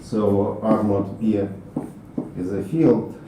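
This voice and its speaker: Slow halting lecturer in an echoey hall. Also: male voice, lowish voice. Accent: Russian. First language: Russian. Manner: halting, frequent uh fillers, switches to Russian with students. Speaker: university math lecturer. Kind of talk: university lecture. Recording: roomy echoey classroom, mic from far off, faint noise.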